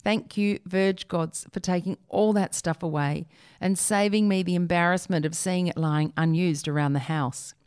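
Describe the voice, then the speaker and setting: A woman's voice: on the low side, fairly even intonation, moderate pace, a little mellow, clear, resonant tone. A woman reading a humorous essay aloud in a wry, dry way. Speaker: reader of an essay.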